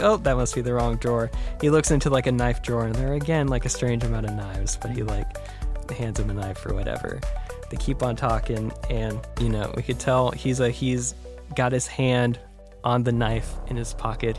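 A man on a podcast casually retelling a short film idea, acting out the characters' lines with big jumps in voice and hushed whispers. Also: medium pitch. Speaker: podcast co-host.

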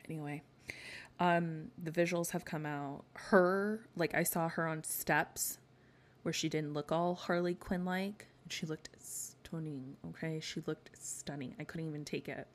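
Unhurried and low-voiced, with fairly even intonation, a female podcast host trades gossip and sassy rants punctuated by laughs. Her casual chat shows she isn't from the American South.

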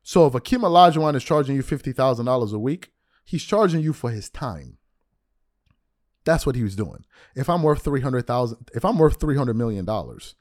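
A man hosting a sports podcast, talking in a blunt, mocking and animated way. His pitch swings widely as he rants and teases. The sound is dry and close, with no room around it. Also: no echo. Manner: blunt, mocking, animated, teasing then insisting it's jokes. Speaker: sports commentary podcast host. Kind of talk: opinionated sports commentary monologue.

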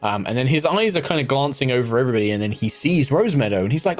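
A man's voice: medium pitch, lively intonation, racing, few pauses. A man serving as game master, narrating a tabletop game in a loose, conversational way with many fillers.

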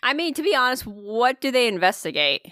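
Bright, animated woman in casual chat. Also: a little high, no echo, studio quality. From Northern Virginia area. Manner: animated, swears freely, quick tangents. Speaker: podcast co-host.

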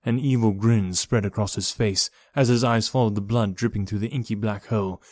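A man giving a steady, measured reading of a horror story as narrator. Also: on the low side, no echo. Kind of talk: scripted horror audiobook narration.

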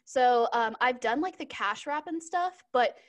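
A young woman with a notably high voice chats casually as a podcast co-host. She rambles, giggles and leans on fillers as she talks. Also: animated, unhurried. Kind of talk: casual chat.

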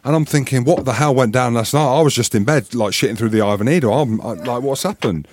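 Animated man telling sports stories. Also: mid-range voice, fast talker, no echo, studio quality. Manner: animated, swearing, acts out voices in his stories. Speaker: podcast co-host, former rugby player. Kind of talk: casual storytelling chat.

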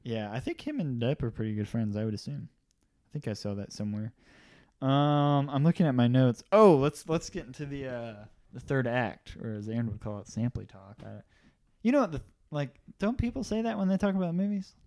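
A man talking through a film recap in a loose, rambling way, often pausing to check his notes and breaking into laughter. His voice sits at an ordinary middle pitch, and the whole thing sounds like an easygoing chat among friends. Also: expressive, darkish tone. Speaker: podcast co-host. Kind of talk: casual movie discussion.

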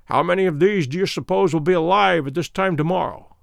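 A man voicing a grave gentleman asking a quiet, somber question. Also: high-pitched, a little fast, gravelly, dry recording, studio quality.

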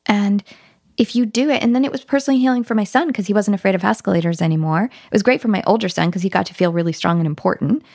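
Gravelly, animated woman giving parenting advice. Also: medium pitch, fast, no room sound, studio quality. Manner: animated storytelling, acting out playful talk with children. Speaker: parenting guest expert. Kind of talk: casual advice conversation.

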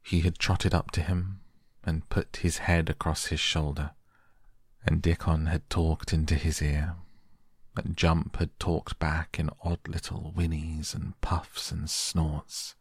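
A man narrating an audiobook softly for bedtime, gentle and unhurried. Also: a bass voice, level tone, slightly rough, no echo, clean studio sound. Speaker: audiobook reader.

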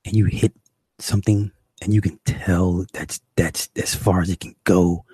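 A man's voice: sits low, steady tone, a little slow, mellow, slightly rough, dry recording. A young man doing stand-up, telling a crude story in a profane, exasperated, rambling way. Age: young adult. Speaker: stand-up comedian.

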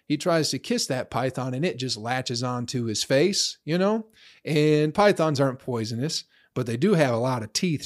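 A young man in a profane, rambling casual rant, blunt, tossing in "bro" and "you know" often. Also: mid-range voice. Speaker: vlogger.

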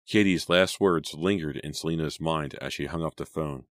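A man reading a horror audiobook in a steady, suspenseful narration. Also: very deep voice, normal speed, hardly any pauses, no echo, studio quality.

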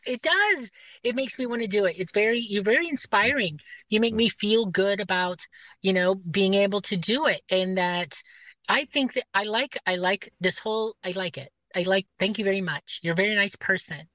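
A woman's voice: mid-range voice, normal speed, no room sound, rough recording. A woman guest in a casual podcast chat. She is friendly, agrees readily and laughs often. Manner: warm, agreeable, laughs easily. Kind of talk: casual conversation.

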